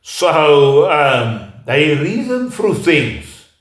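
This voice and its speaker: Halting man speaking in an echoey room. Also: a little high, very animated. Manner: halting, with frequent "uh" pauses and restarts. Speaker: speaker giving a talk. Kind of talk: unscripted lecture.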